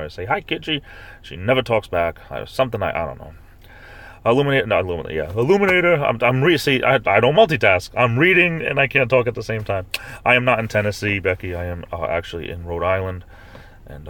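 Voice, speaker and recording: Hosting a relaxed live stream, a man reads viewer comments aloud and chats with them in a slightly bright voice. His talk meanders with fillers and restarts, and his rants flip into high-pitched pretend outrage.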